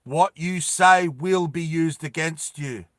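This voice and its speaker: A man voicing a cold robotic police drone that gives slow, flat commands. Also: on the high side, no room sound. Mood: commanding.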